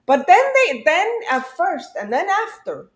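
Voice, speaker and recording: A woman's voice: sits high, big pitch swings, a little slow, echoey room. A woman playing a flamboyant female painter in a put-on Spanish-flavored accent, theatrical and sprinkling in Spanish words. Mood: dramatic, proud. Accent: put-on Spanish-flavored English.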